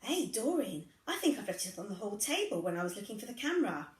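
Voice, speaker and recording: A woman's voice: mid-range voice, sing-song, fast talker, roomy sound, far from the mic, close to an everyday voice. A woman voicing a flustered, kindly mother within a read-aloud story.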